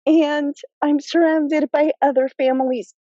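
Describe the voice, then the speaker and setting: Woman, slow and choked up, soft mellow voice, muffled dry video-call audio, memorial tribute. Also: high voice, level tone, no echo. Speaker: family member giving a tribute. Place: outdoors at a cemetery graveside.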